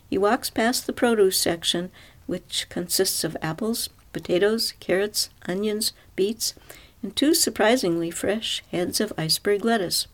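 Woman reading a storybook aloud. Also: medium pitch. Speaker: narrator.

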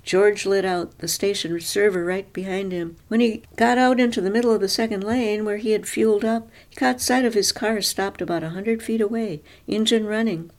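A woman's voice: medium pitch, steady tone, moderate pace, few pauses, darkish tone. Woman reading a story aloud. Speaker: narrator. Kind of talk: scripted narration of a story.

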